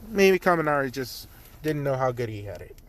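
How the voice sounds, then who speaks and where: A young man tells a fan story off the cuff, rambling along with constant fillers and the occasional curse. His voice sits at an ordinary middle pitch and stays loose and unscripted. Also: very animated, fairly quick. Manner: rambling, filler-heavy, profane. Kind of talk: casual spoken fan story.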